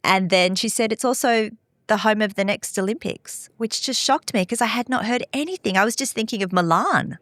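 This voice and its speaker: A woman from Australia hosting a podcast, bubbly and quick with exclamations as she interviews a guest. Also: medium pitch, fairly bright tone, no room sound. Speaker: podcast host. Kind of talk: casual interview.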